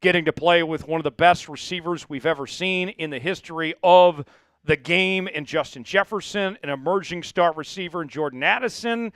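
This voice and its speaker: A man hosting a live sports show, hyped and talking straight to his viewers. His voice is bright and crisp, a little higher than most men's. It is recorded dry on a close mic, with faint music underneath. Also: moderate pace, no room sound. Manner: energetic, hyped delivery with frequent asides to viewers. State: voice cracking, coughing fits.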